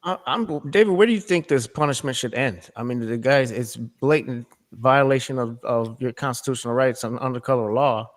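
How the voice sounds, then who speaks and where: A man joining a livestream chat who poses earnest, searching questions. His voice sits at a typical middle pitch. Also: moderate pace, hardly any pauses. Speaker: livestream guest asking questions.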